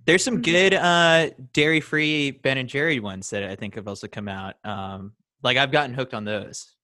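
Bright-voiced man reading questions. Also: medium pitch, moderate pace, dry recording. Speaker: podcast host reading listener questions. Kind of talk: casual podcast chat.

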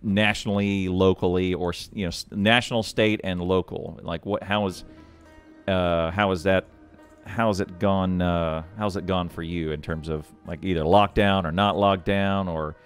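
Low-voiced man thinking aloud. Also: fairly even intonation, moderate pace, clear, resonant tone, faint music behind. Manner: thinking aloud, rambling with restarts. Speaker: guest host. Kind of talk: casual podcast chat.

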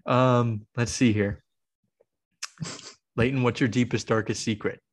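A man's voice: mid-range voice, fairly even intonation, unhurried. Rambling, storytelling male podcast host. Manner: rambling storytelling full of "like" and acted quotes. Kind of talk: casual chat.

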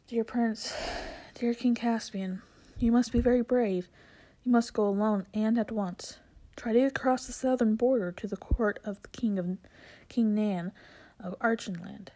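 A woman reading the part of an old, learned male tutor, earnest and protective, dropping to a hush in places. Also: fairly high pitch.

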